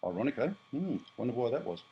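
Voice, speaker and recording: A man's voice: medium pitch, big pitch swings, quick pace, lo-fi sound, a little hiss or hum. An Australian man in his fifties, talking bluntly and rambling as he vlogs to his viewers, often correcting himself. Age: 50s. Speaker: prepper vlogger. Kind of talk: casual monologue to camera.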